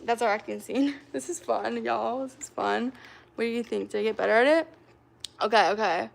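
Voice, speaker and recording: A young woman livestreamer chats casually with her viewers while setting up acting games, rambling and packing her talk with fillers. Her voice is fairly high and gravelly, at a moderate pace.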